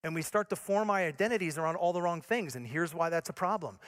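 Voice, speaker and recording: He's a fast talker, a male preacher from Michigan, USA. Earnest and direct in his sermon, he alternates hard-hitting points with soft, low moments.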